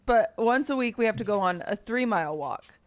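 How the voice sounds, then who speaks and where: Animated woman telling a story. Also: fairly quick. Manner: animated storyteller, acts out quotes in high voices. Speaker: podcast co-host. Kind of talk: casual chat.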